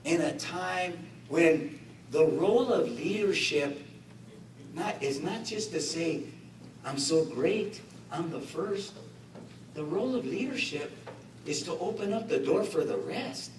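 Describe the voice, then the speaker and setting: A middle-aged man addresses an indoor community gathering in a raised, impassioned voice, with a high-pitched delivery. He is heard from some way off in an echoey room with faint background noise. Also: animated, a little slow. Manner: impassioned, rhetorical, with joking asides. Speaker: guest speaker. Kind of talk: political speech to a community gathering. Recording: echoey room, voice picked up from a distance.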